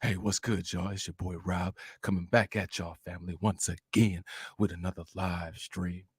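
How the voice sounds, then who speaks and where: A man putting on a smug male streamer's voice, dropping much lower and quieter than usual. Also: fairly even intonation, normal speed, breathy edge.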